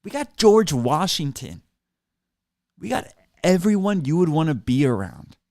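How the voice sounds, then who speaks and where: With big pitch swings, an unhurried pace and a fairly high, slightly mellow voice, a man rants at his listeners in a dry recording. He's the sarcastic, profane host of a solo podcast, speaking into a desk mic by a computer in a small studio.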